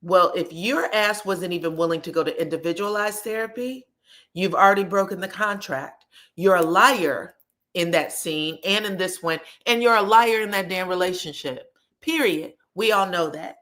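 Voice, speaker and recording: A woman's voice: fairly low pitch, moderate pace, fairly bright tone. A woman hosting a podcast, recapping a reality show in blunt, sassy casual commentary. She swears freely and acts out the quoted lines dramatically.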